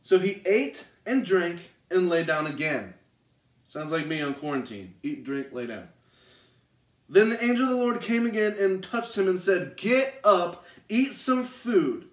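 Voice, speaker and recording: High-voiced man preaching in an echoey church. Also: big pitch swings, moderate pace. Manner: conversational, checks in with "okay?". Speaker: youth pastor. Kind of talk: casual youth sermon, retelling scripture. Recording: roomy, distant mic.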